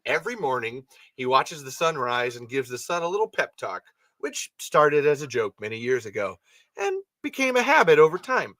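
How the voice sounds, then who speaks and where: A man's voice: mid-range voice, very animated, moderate pace, fairly bright tone, no echo. A man hosting a podcast, reading a story aloud with casual, rambling asides and frequent self-corrections. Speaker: podcast host.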